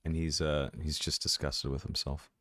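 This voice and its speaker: A man playing a tabletop game, narrating his character's actions in a measured, descriptive way. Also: rumbling low, flat delivery, pushed and bright, dry recording, clean studio sound. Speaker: player.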